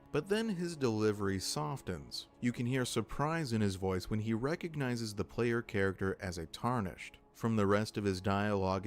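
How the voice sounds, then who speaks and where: A man giving measured, analytical scripted narration for a lore video. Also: on the low side.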